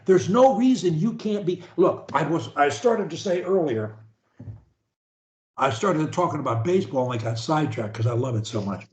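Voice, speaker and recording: Animated, preachy male speech coach. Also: fairly high pitch, normal speed, echoey room. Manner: animated, preachy, swings from loud to whispered. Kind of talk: coaching session over video call. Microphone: video call.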